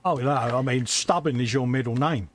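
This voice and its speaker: A middle-aged man co-hosts a live model-building stream, casually chatting in an easygoing, agreeable manner. He reads viewer comments aloud between short replies, using a mid-range voice at normal speed with background noise present.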